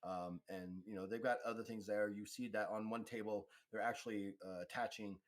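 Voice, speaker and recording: Halting low-voiced game master man. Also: steady tone. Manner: halting narration, many pauses and fillers. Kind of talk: narrating a tabletop game.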